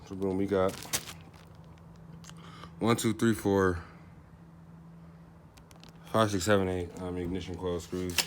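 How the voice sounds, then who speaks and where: A man with a low voice walks through a car repair in loose, slangy talk, thinking aloud as he works. A faint ambient noise sits behind him. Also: flat delivery, slow pace, long pauses. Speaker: DIY car repair vlogger. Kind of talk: casual how-to narration.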